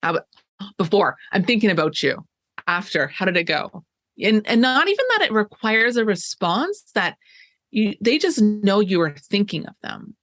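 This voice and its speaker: A woman's voice: medium pitch, very animated, normal speed, a bit bright. A woman coach co-hosting a podcast in casual chat, upbeat and encouraging, speaking from her desk. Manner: upbeat, encouraging, fillers like "you know". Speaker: life coach, podcast co-host.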